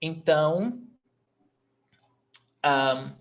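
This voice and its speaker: A man's voice: a little high, drawn-out words, fairly bright tone. A man teaching a live language lesson in English, patiently repeating each word for his learners. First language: Portuguese. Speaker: Portuguese teacher.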